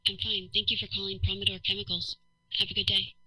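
A cold, emotionless woman answers a company line in a radio play, voiced by an actress. Her words come out fast and level, with no rise or fall in pitch. The tone is bright and sharp. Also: breathy edge, no echo, rough recording. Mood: monotone. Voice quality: monotone, clipped delivery. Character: flat, monotone woman answering a company phone. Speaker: office receptionist character. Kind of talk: radio drama acting.

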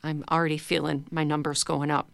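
A middle-aged woman leading a guided laughter exercise class, playful, breaking into high silly laughs and fake sneezes. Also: flat delivery, a little fast, gravelly, dry recording. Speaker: laughter yoga leader.

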